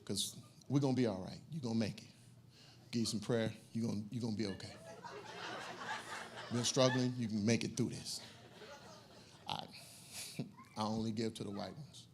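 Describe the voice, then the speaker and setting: A man doing stand-up comedy, telling a story in an animated, conversational way on a comedy club stage. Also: fairly low pitch, moderate pace, vocal fry, pauses often, noisy background. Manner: animated, conversational, acts out characters.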